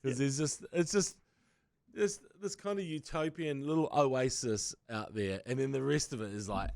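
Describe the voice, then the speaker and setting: A man's voice: medium pitch, normal speed, gravelly, darkish tone, no room sound, studio quality. A man with a New Zealand accent co-hosting a casual podcast, rambling with crude humor. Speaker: podcast co-host.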